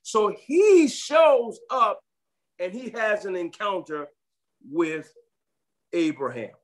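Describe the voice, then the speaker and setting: A man's voice: high voice, animated, slow. A man preaching a sermon, reading scripture aloud and breaking in with emphatic comments, repeating phrases for stress. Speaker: pastor.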